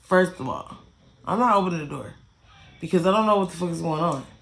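Gravelly, lively woman ranting a storytime. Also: lowish voice, a little fast. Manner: blunt, heavily profane, repeats herself for emphasis. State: irritated. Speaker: vlogger telling a story. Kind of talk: casual storytime rant.

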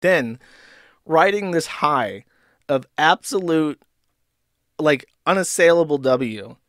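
A man's voice: on the high side, expressive, slow pace, fairly bright tone, no room sound, studio quality. A man hosting an online commentary show, ranting sarcastically with heavy profanity and rambling asides. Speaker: commentary host.

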